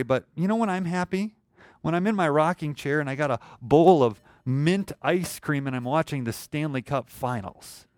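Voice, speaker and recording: Man, pastor, sermon, animated rising and falling pitch, dry close sound. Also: no room sound. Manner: preaching with big swings in pitch and loudness, asking the congregation questions.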